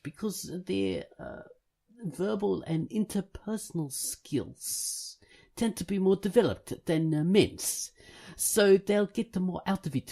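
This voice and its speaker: A man reading a forum post aloud in a put-on South African accent, with a gravelly, husky voice. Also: a little high, a little mellow, exaggerated voice.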